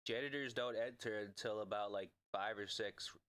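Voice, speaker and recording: A man playing a tabletop game, relaxed and tentative. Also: fairly low pitch, normal speed, clean tone. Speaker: player. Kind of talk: casual tabletop role-play.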